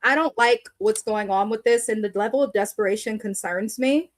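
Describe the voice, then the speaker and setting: Young woman doing a live reaction stream, kinda high voice, blunt and opinionated, reads chat out loud. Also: normal speed. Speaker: livestream reaction host. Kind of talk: casual live reaction review.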